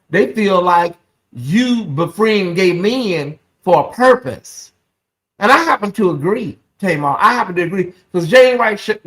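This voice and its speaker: Chatty livestream gossip host. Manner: chatty, reads viewer comments aloud, talks straight to the audience; swings into loud, high exclamations when excited. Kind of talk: casual livestream gossip commentary.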